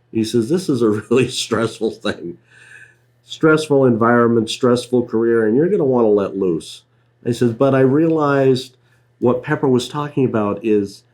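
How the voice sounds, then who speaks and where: A man giving casual writing advice, telling anecdotes in an unhurried, storytelling way with frequent asides. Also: sits low, dark tone. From New England, USA. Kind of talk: casual talk on writing craft.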